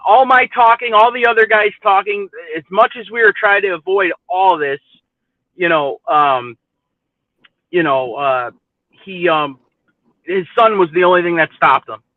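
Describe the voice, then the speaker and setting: A man with a high voice tells a long, rambling story in casual chat, swearing freely and restarting his sentences. His voice reaches us over a thin, tinny, phone-like line. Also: no room sound. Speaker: livestream chat host.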